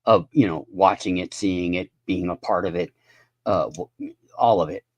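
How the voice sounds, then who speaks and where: A man's voice: sits low, moderate pace, dry recording, highs cut off. Profane, rambling man in his fifties. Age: 50s. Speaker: live streamer. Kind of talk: casual ranting monologue.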